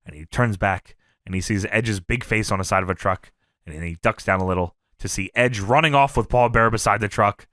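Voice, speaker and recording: A man co-hosting a podcast, recapping a show in animated, profane storytelling. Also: lowish voice, fairly quick. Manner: animated storytelling, lots of swearing and laughing. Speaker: podcast co-host. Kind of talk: casual chat, recapping a show.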